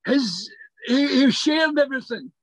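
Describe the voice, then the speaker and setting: An older man, an actor, telling stories in a remote interview over a video call, halting and repeating words as he goes. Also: very high voice, expressive, no room sound, rough recording. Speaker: actor guest. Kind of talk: remote interview, casual storytelling.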